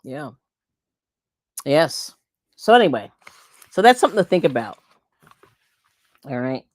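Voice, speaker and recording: Low-voiced middle-aged lady from pennsylvania, chatty livestream host, laughs a lot, dry close sound. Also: very animated, measured pace, no room sound. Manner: chatty, laughs often, rambling with restarts. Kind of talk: casual chat reading viewer comments.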